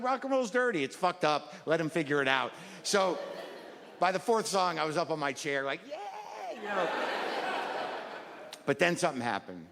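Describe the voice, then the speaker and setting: On a live comedy stage before an audience, a stand-up comedian tells a rambling, stammering, self-deprecating story. His voice is high-pitched and a bit bright, and the recording carries the reverb of a live hall with audience sounds.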